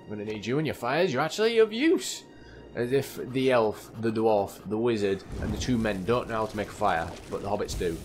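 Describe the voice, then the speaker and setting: A young man giving chatty, excitable commentary while playing a video game, often calling his viewers lads and mate. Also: fairly low pitch, a little fast, slight background noise. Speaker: gaming channel host. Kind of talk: let's play gameplay commentary.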